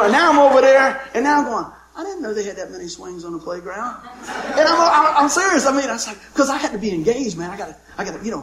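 High-voiced joking pastor in an echoey room. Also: male voice, fairly bright tone. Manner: folksy, joking storyteller with call-and-response amens. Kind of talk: sermon.

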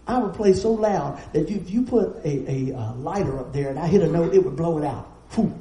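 A middle-aged man, preaching a sermon in a folksy, storytelling way with quick asides. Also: on the high side, lively intonation, warm tone, reverberant, a little hiss or hum, poor audio. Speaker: pastor.

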